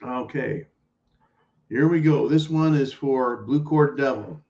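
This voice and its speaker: A man hosting a live stream, reading viewer messages aloud and ranting bluntly and sarcastically, with profanity, swinging between low mutters and loud outbursts. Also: slow pace, gravelly, highs cut off. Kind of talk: casual political rant to a live chat.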